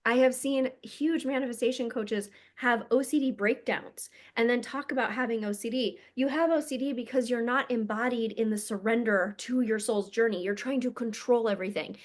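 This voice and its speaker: Casting: woman energy coach, higher-pitched, blunt and emphatic, casual swearing monologue. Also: moderate pace, hardly any pauses.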